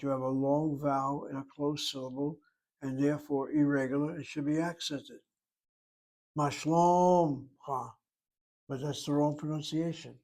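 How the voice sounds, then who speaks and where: A man teaching a Hebrew grammar lesson, sounding out words slowly and repeating them for his students. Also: a little high, darkish tone, rough recording.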